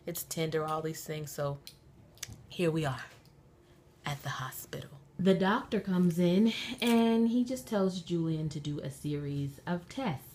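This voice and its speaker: A woman's voice: low voice, measured pace, darkish tone, slight background noise. A mother chatting animatedly in a casual vlog, recorded on a phone inside a moving minivan. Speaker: mother and vlogger. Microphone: phone camera.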